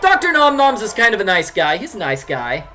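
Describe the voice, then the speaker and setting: A man's voice: sits high, huge pitch swings, a little fast, sharp tone, poor audio. A man giving casual, rambling let's-play commentary as a streamer and game writer. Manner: rambling, many fillers and restarts.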